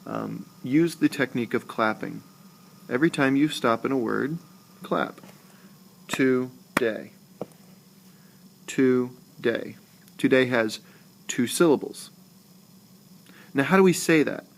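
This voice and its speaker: A man teaching a recorded lesson, talking slowly and deliberately and saying example words aloud more than once. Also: mid-range voice, creaky, a little hiss or hum. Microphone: screencast voice-over.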